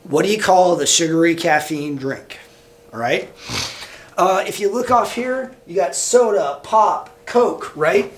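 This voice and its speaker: High-voiced casual teacher man. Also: a little slow, a little hiss or hum. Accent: American Midwest. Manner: casual, loose delivery with many fillers. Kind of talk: recorded lecture over slides.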